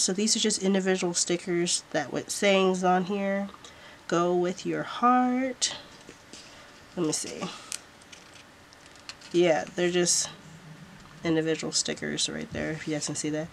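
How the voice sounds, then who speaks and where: A woman's voice: lowish voice, slight background noise. A woman vlogger showing off planner stickers in a casual haul, gushing and repeating how cute everything is.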